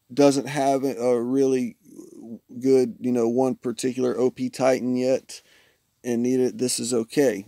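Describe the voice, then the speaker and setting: A man's voice: medium pitch, vocal fry, warm tone, no room sound. A man live-streaming a mobile game, rambling through his setup and joking with friends on a voice call. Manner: rambling, jokey, talks to chat and friends. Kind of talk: casual gameplay commentary.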